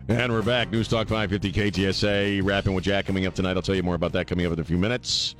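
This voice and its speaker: A man's voice: low-pitched, flat delivery, fast talker, soft background music. A man hosting a talk radio show, ranting emphatically and laughing with his co-hosts. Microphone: studio mic.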